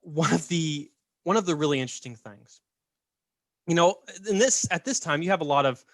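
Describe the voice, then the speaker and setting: A man's voice: on the high side, normal speed, dry recording, studio quality. A man casually telling a story on a podcast, chatty and laughing, often checking in with "right?". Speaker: podcast host.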